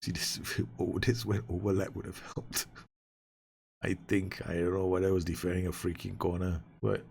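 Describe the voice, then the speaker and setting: A man giving excited, nervous live commentary on his own football management game, swearing and shouting orders at his players. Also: low-pitched, normal speed, creaky, husky. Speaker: gaming YouTuber.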